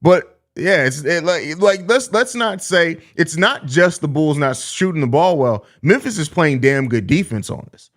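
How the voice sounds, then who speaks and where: A man's voice: a little high, unhurried, few pauses. Blunt, profane male sports podcast host. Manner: blunt, profane, sarcastic, animated. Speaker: podcast host reading live chat. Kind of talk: casual live-stream sports talk.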